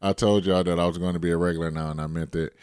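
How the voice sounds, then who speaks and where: A man with a very low voice co-hosts a laid-back podcast and reads listener letters aloud. He talks in a relaxed, easygoing way, recorded close with no room sound. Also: very fast, clear, resonant tone, no echo. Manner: relaxed, easygoing, brief agreeing replies. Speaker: podcast co-host. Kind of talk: casual chat and reading listener letters.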